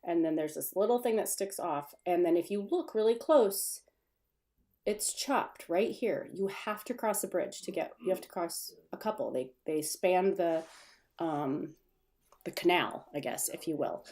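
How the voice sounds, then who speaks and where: A woman's voice: lowish voice, animated, measured pace, a little mellow. A woman hosting a casual live stream from her desk at home, chatting in a rambling way, reading viewer comments aloud and laughing at her own stumbles. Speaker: livestream host.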